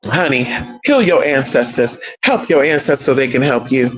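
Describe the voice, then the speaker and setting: An expressive young man with a medium-pitched voice, a spiritual content creator, shares a family story with viewers at a moderate pace. He's casual, profane, and sassy, addressing listeners as girl and honey, over soft background music in a rough recording.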